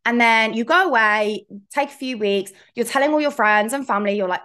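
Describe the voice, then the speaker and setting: A woman's voice: a little high, normal speed, hardly any pauses, fairly bright tone. A woman hosts a solo podcast for coaches, her voice sitting a little above the usual for a woman. She talks candidly and casually, wanders off on tangents and throws in playful swearing. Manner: frank, chatty and digressive, with playful swearing. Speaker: fitness coach and podcast host.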